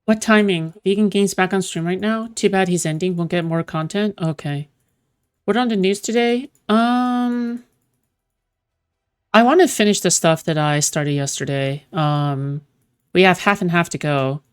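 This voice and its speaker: A woman's voice: on the low side, moderate pace, clear, resonant tone. A woman streamer in casual livestream chat, rambling and tagging her sentences with "okay?".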